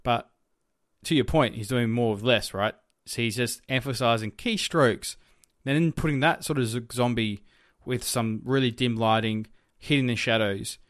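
A man's voice: mid-range voice, moderate pace, dry recording, studio quality. A man co-hosting a casual chat, rambling and searching for words with lots of fillers. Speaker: podcast co-host.

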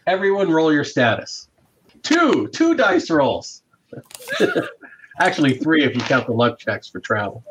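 A man acting as game master for a tabletop game, talking in a relaxed, chatty way and laughing often. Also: a little high, measured pace, highs cut off, noisy background.

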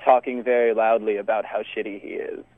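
Speaking briskly in a fairly low pitch, a young man from Texas relates a story on a laid-back podcast. He is animated, laughs a lot, and leans on fillers, and the audio has a tinny, phone-like sound.

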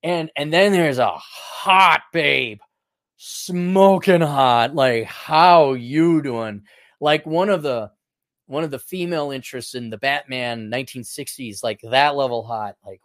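A man's voice: mid-range voice, no echo, studio quality. A man hosting a talk show, in a rambling, casual commentary that is profane and full of restarts. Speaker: show host.

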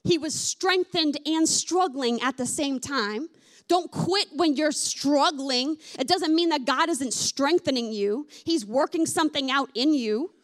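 A woman's voice: high voice, unhurried. A woman preaching a sermon in a candid, conversational way. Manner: conversational, candid, with many fillers like "like". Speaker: pastor.

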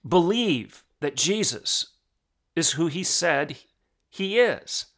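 A man's voice: a little high, expressive, takes it slowly, a bit bright. A man hosting a podcast, preaching in emphatic, repetitive declarations. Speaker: podcast host.

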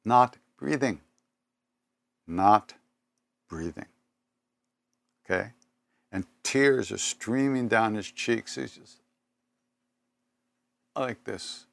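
An older man giving a spiritual talk, telling personal stories in an unhurried, reflective way with pauses and self-corrections. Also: medium pitch, vocal fry, a bit bright, dry recording. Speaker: spiritual teacher.

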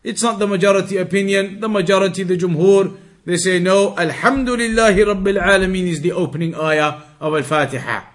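A man explaining a hadith text as a teacher, methodical and repetitive, reading Arabic passages quickly. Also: high-pitched. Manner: methodical, repeats key points, reads Arabic passages quickly. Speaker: Islamic teacher.

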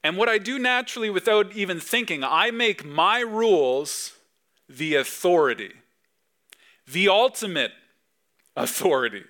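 Bright-voiced man preaching a sermon. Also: high voice, animated, unhurried. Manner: emphatic preaching, swinging between loud and soft; acts out dad talking to his kids. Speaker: pastor.

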